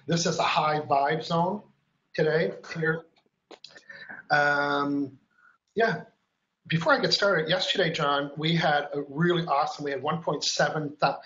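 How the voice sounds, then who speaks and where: A man's voice: fairly high pitch, fairly bright tone, reverberant, muffled recording. A man hosting a live stream, chatty and upbeat, explaining each step and counting aloud as he demonstrates. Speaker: host.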